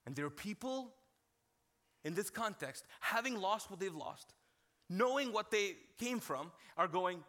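A male pastor in his thirties giving a sermon, talking to the congregation like friends and joking as he tells stories. His voice sits high for a man and has a bright, forceful edge. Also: very animated, unhurried, long pauses. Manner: conversational storytelling with humor, addressing the congregation.

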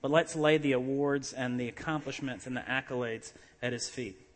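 A man in his thirties preaching a sermon, telling animated stories and acting out voices. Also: medium pitch, normal speed. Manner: animated storytelling with laughs and acted-out voices. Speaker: pastor.

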